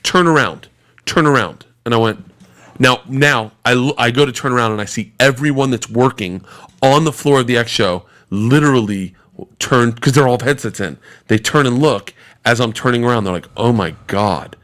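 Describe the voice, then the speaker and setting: A man in his forties, a podcast guest, tells a rapid, swear-filled anecdote in casual conversation. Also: medium pitch. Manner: animated, profane, rapid-fire storytelling.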